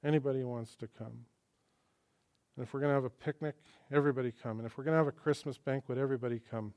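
A man preaching a sermon in church in a conversational, joking way, swinging between quiet asides and emphatic lines. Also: mid-range voice, fairly even intonation, fast talker, lo-fi sound. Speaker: pastor.

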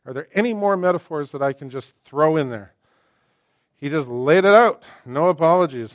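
A middle-aged male pastor preaching an animated sermon, acting out quoted voices and swinging between loud and hushed delivery. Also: mid-range voice, fast talker, dry recording, clean studio sound.

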